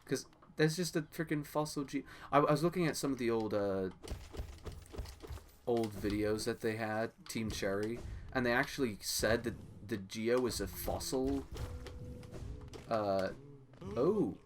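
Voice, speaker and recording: A man's voice: medium pitch, a little slow, long pauses, a little hiss or hum. A young man rambling through live gameplay commentary, talking to himself and to his chat. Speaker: game streamer.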